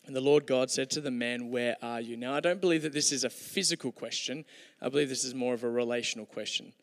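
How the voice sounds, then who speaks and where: A man's voice: medium pitch, quick pace. Man preaching in an echoing hall. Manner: conversational, humorous, with hesitations. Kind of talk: sermon with storytelling.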